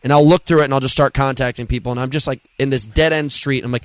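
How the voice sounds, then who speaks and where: A man guesting on a podcast, telling stories in an animated, casual way and swearing freely. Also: mid-range voice, quick pace, clean tone, no room sound. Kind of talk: casual chat.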